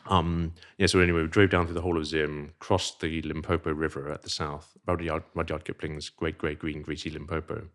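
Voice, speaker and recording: Very deep-voiced posh English man. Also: a little fast, few pauses. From Zimbabwe. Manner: rambling, animated storyteller. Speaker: guest. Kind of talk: casual interview chat.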